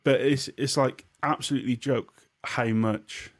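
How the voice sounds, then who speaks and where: A young man co-hosting a podcast, thinking out loud about football, restarting his sentences and swearing casually. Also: mid-range voice, steady tone, a little slow. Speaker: podcast co-host.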